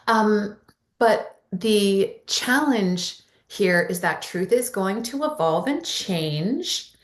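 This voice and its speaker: A woman's voice: medium pitch, expressive, very slow, reverberant. A woman speaking earnestly and encouragingly in a casual spiritual discussion, with emphatic asides. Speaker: channel, co-host.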